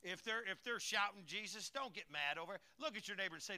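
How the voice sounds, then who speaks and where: A man's voice: sits high, fast talker, few pauses, bright, forceful tone. An older man preaching a sermon as a pastor, folksy and joking, calling out to his congregation in a church. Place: church sanctuary.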